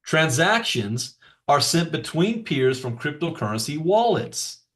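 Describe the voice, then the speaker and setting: A man's voice: a little high, big pitch swings, unhurried, fairly bright tone. A man presenting a beginner's crypto lesson, reading from notes with casual asides and emphatic repetition. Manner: explanatory, emphatic repetition for stress.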